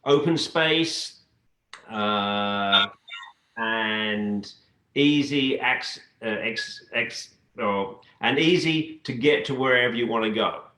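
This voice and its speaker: A man being interviewed as a guest in a casual chat, talking in a relaxed, halting way with frequent restarts. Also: mid-range voice, echoey room, a little hiss or hum. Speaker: guest, dance adjudicator.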